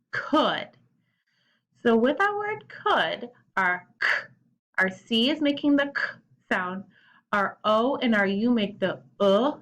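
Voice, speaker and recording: Slow, cheerful woman teaching kids to read. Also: mid-range voice, fairly bright tone, rough recording. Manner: slow, clearly sounding out letters; encouraging, cheerful. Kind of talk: early reading lesson for young children.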